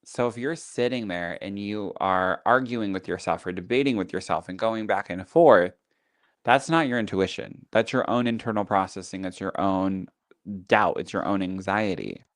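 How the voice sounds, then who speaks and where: A man's voice: fairly low pitch, moderate pace, no echo, studio quality. A man who teaches as a psychic medium, talking casually on a podcast in a chatty teaching tone full of fillers.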